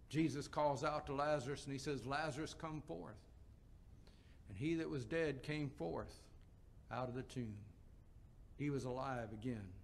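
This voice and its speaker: A man's voice: medium pitch, slight background noise. A man preaching a sermon, explaining scripture passages with quotes and rhetorical questions.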